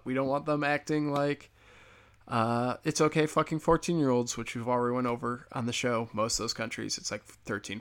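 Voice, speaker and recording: An American man holds forth as a podcast host, opinionated and sarcastic, cursing freely. His mid-range voice carries a gravelly, fry-heavy edge. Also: medium pitch, a bit bright. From United States. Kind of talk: casual comedic rant.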